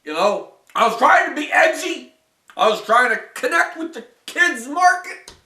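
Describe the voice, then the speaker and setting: A man's voice: very high voice, big pitch swings, normal speed, pushed and bright, heavily acted. A man voicing a weary, washed-up male cartoon star who moans and rambles in complaining rants. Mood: whiny. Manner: whiny, moaning, rambling rants. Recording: roomy echo from a distant mic.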